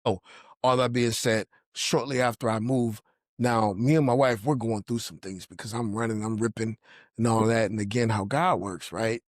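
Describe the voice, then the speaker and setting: A man's voice: fairly low pitch, steady tone, moderate pace, no echo, studio quality. A man sharing a personal faith testimony in earnest storytelling, acting out the voices of people he quotes. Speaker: podcast guest telling his testimony.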